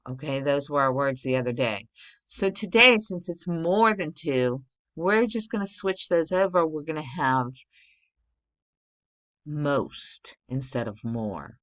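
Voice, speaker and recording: A woman teacher walks young pupils through a recorded grammar lesson. Her voice sits low, and she moves along slowly and patiently, checking in with frequent okays. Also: lively intonation, a bit bright. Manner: patient, explains step by step, many okays.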